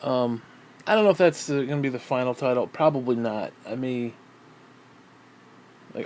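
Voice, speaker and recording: A man's voice: mid-range voice, expressive, normal speed, pauses often, a little mellow, a little hiss or hum. A man in a casual, meandering monologue about his writing, swearing freely and trailing off with fillers. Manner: profane, meandering, frequent fillers. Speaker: writer talking about his books.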